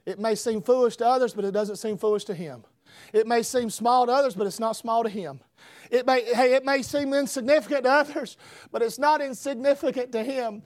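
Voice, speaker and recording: A man preaching a revival sermon, swinging between shouted emphasis and hushed lines. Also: very high voice, a little fast, dry recording.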